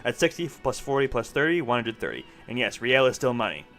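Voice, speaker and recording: A man voicing an irritable, defensive cafeteria manager who argues back quickly, with faint game music behind. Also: medium pitch, sing-song, a bit bright. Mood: brisk.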